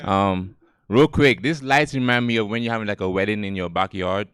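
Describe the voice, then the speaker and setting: A man's voice: lowish voice, fairly quick, fairly bright tone, clean tone. A man from Gambia with a Gambian accent doing a loose, profane stand-up set on an outdoor stage, laughing at his own jokes. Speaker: stand-up comedian. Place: outdoor stage under string lights.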